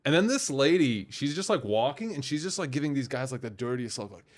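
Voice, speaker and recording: A young man co-hosting a podcast, chatting casually and telling animated, profane stories. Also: medium pitch, a little fast. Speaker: podcast co-host. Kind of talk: casual chat.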